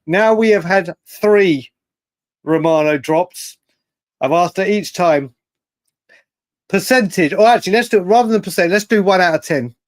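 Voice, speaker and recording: A man hosting a late-night live fan stream, reading viewer messages and bantering in a rambling, excitable way with lots of slang. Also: sits high, moderate pace, pauses often, dry recording, clean studio sound. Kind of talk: live stream chat reading super chats.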